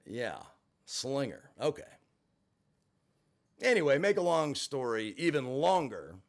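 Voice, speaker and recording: A man casually telling a story on a livestream, animated and profane, acting out the voices of the people he quotes. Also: medium pitch, takes it slowly. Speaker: livestream host.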